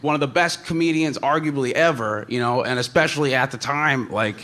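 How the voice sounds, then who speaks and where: A man's voice: mid-range voice, brisk, very noisy. A man telling a comic story in a casual, rambling way, full of "like" and "you know.".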